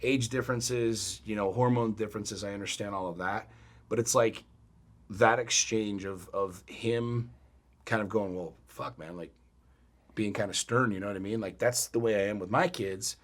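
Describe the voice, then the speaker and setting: A middle-aged man co-hosting a podcast, telling a story in a blunt, profane, animated way. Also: lowish voice, normal speed. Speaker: podcast co-host. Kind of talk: casual chat.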